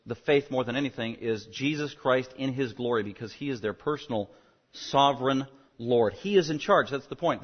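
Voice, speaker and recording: A man preaching an expository sermon as pastor, emphatic and surging louder on key words. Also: mid-range voice. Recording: muffled lo-fi sermon recording.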